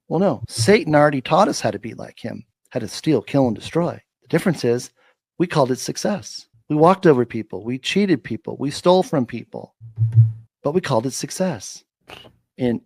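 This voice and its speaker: With the emphatic, repetitive cadence of a preacher, a man delivers preachy, faith-filled commentary at a moderate pace. His middle-pitched voice is animated and a little mellow, and the recording is dry and close with no room echo.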